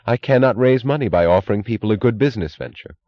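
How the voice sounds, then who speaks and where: A man's voice: fairly low pitch, animated, fast talker, no room sound, dull audio, pitched above the performer's own voice, natural voice. Man reading as a precise, pleading woman executive. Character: determined woman railroad executive.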